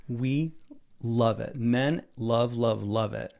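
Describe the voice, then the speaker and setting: A man's voice: medium pitch, slow, creaky, darkish tone. A man talking as a guest dating coach on a podcast, enthusiastic and emphatic, telling stories. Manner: enthusiastic, storytelling, emphatic repetition. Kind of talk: casual podcast interview.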